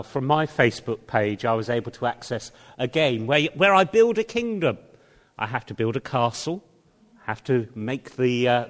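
A man preaching a sermon to his congregation, speaking slowly and deliberately with a touch of dry humor. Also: mid-range voice. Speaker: pastor. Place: church hall. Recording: long reverb of a church hall.

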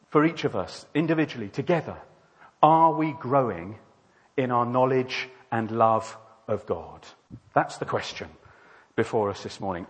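Male preacher, casual sermon delivery, reverberant church hall. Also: medium pitch.

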